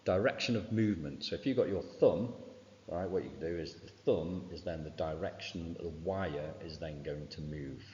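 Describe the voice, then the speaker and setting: Very deep-voiced male teacher, revision lesson. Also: moderate pace, warm tone, slight background noise. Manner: informal, fills with "right" and "okay". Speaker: science teacher. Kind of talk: exam revision walkthrough. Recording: dull sound with long reverb.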